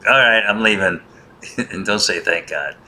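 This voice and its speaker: A man's voice: on the low side, unhurried, pushed and bright. A man hosting a casual monologue, rambling and wry, grumbling in a joking way. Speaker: host.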